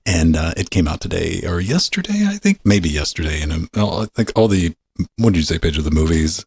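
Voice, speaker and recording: Gravelly low-voiced man hosting a podcast. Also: very animated, brisk, a little mellow, no echo. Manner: profane, wisecracking. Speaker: podcast host. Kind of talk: casual chat.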